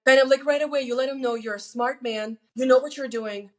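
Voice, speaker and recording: A woman's voice: sits high, fairly even intonation, fast talker. A middle-aged woman giving earnest, faith-filled marriage advice in a candid conversation, often acting out quoted lines. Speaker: guest sharing marriage advice. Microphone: video interview mic.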